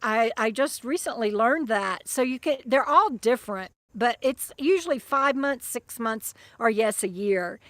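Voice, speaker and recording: A woman's voice: fairly high pitch, lively intonation, measured pace, hardly any pauses, a bit bright, no echo. A middle-aged woman vlogging from her van campsite, chatting loosely with viewers, often restarting her sentences and breaking off to fuss over her dog. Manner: rambling and chatty, with many restarts and fond asides to her dog. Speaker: vlogger and author living in a van. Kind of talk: casual livestream chat reading viewer comments.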